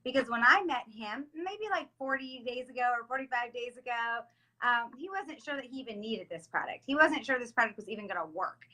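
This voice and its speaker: A woman's voice: on the high side, brisk. Bubbly woman hosting a live stream. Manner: upbeat, gushing, keeps saying excited. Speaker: host. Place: home in South Florida.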